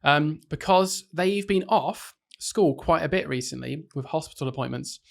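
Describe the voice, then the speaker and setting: A man's voice: on the high side, normal speed, gravelly. A young man hosting a casual podcast, joking and teasing his co-host.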